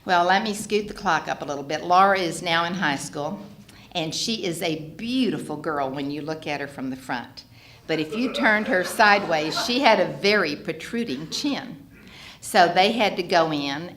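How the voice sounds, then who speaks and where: An older woman telling her personal recovery story in an animated way, laughing often as she speaks. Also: low-pitched, slight background noise. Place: meeting hall. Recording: echoey hall, faint ambience.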